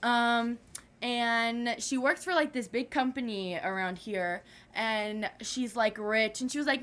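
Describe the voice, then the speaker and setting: Animated teenage girl telling a story. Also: fairly high pitch, normal speed. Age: teens. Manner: animated, slangy, acts out other voices. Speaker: guest. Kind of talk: casual storytelling.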